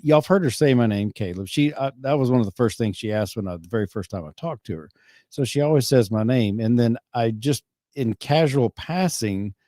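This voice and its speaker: Recorded cleanly in a studio without any room sound, a man with a mellow mid-range voice hosts a podcast. His chat is casual and rambling, full of restarts.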